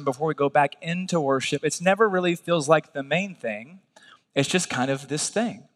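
A man preaching a sermon as pastor in a relaxed, conversational, folksy way, often checking in with his listeners. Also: a little high, in a large hall.

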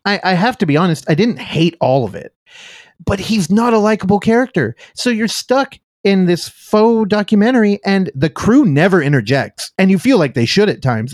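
This film podcast host has a high, animated voice and keeps a moderate pace as he chats loosely about movies, frequently laughing and interrupting himself. The sound is clean studio audio with no room sound.

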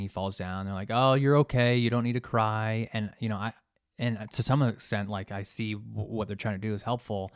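A man with a lowish voice hosts a solo podcast, recorded with clean studio sound and no echo. A coach by trade, he reflects earnestly and thoughtfully, searching for his words as he goes.

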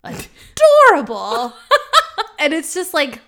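A woman from the American Midwest with a Midwestern accent, co-hosting a podcast in casual chat and telling things in an animated, giggly way. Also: on the high side, normal speed. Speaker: podcast co-host.

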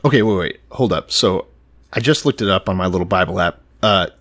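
A man's voice: sits low, a little fast. A man in casual chat, retelling Bible stories with profanity and acting out the characters' lines. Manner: animated, acts out quoted characters with profanity. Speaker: podcast co-host.

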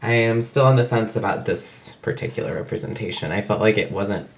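Guy chatting on a podcast, animated and laughing, slightly muffled audio. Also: fairly low pitch, a little fast. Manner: animated, laughs often, mimics voices. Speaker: podcast co-host. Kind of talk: casual chat. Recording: dull lo-fi audio.

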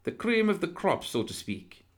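A man voicing a genteel, pompous male professor who teaches undeath and operates as a surgeon, speaking in a courtly, excitable manner. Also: high-pitched, moderate pace, voice pushed up. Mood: silkily courteous. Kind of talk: audiobook character reading.

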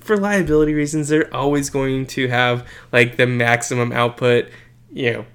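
A man's voice: mid-range voice, fairly even intonation, normal speed, a bit bright. A young man co-hosting a podcast in casual chat, rambling and joking with many fillers and restarts. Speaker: podcast co-host.

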